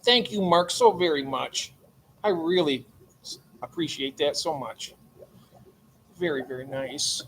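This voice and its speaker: A man's voice: a little high, a little slow, pauses often, a little hiss or hum. An older man hosting a late-night livestream from his aquarium room, chatting and greeting viewers by name. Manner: chatty, greets chat members warmly by name. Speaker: livestream host.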